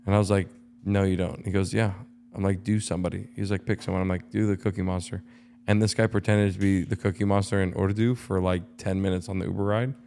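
A male comedian guest on a podcast, joking in a dry, deadpan way. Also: deep voice, fast talker, vocal fry, a little hiss or hum. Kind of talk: casual podcast chat.

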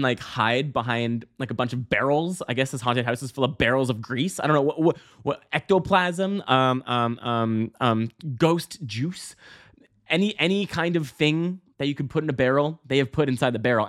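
A man hosting a podcast, telling a story casually with lots of fillers, restarts and swearing, breaking into loud high yelps. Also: moderate pace. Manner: bursts into loud high-pitched exclamations when acting out scenes. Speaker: podcast host.

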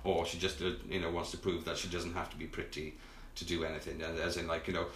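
A joking man co-hosts a podcast in loose banter. His voice is deep, and he talks fast. The sound is echoey, with crowd chatter clearly audible behind him. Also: monotone, fairly bright tone, slight background noise. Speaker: podcast co-host. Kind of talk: casual banter.

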